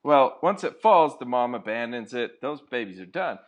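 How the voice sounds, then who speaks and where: A man's voice: medium pitch, animated, normal speed. A man chatting casually, laid-back and agreeable, telling a story. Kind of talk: casual chat.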